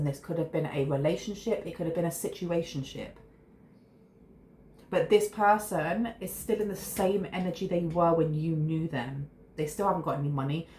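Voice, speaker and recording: A woman giving a casual, rambling tarot reading, often restarting her words. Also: lowish voice. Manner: chatty, rambling, restarts mid-word. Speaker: tarot reader. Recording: echoey room with faint noise.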